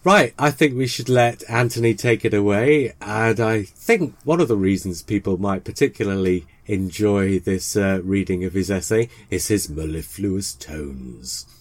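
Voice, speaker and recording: A man hosting a podcast, reading a scripted introduction and then chatting with a co-host in a measured, reflective way. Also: fairly low pitch, dry recording. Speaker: podcast host and series editor.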